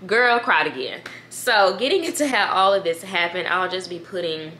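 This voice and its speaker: Young woman, chatty YouTuber, bright sharp tone, fairly low pitch, faint background hiss. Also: moderate pace. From United States. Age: 20s. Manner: chatty, animated, addresses viewers as "girl"; reads emails aloud, trails off with "da, da, da". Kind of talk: casual chat to camera.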